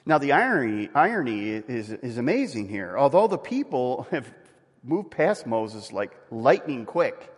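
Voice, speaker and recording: A male pastor preaching a sermon in a church, with an animated delivery that acts out quoted voices. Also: medium pitch, a little slow, slightly rough, in a large hall.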